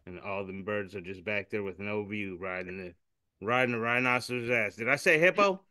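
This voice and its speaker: A man co-hosting a casual podcast, describing memes in an animated, profane way. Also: on the low side, brisk, smooth, dry recording, studio quality. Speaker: podcast co-host. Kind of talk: casual podcast chat reading memes aloud.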